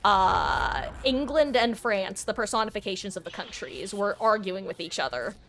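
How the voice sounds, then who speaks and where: A woman's voice: medium pitch, lively intonation, moderate pace, fairly bright tone, slight background noise. A woman streaming a video game live, giving casual, rambling, self-deprecating commentary as she plays.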